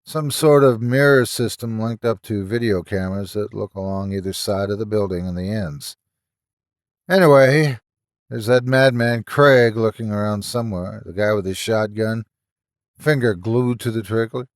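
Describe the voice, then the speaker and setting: A man's voice: lowish voice, moderate pace, no echo, clean studio sound, lightly acted. A man voicing a young male doctor who talks hesitantly and apologetically, stumbling over his words. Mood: uneasy.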